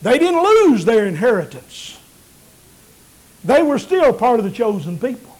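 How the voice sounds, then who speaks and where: A man preaching a sermon, building to emphatic peaks and then dropping low and quiet. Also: very animated, measured pace, poor audio. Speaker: pastor.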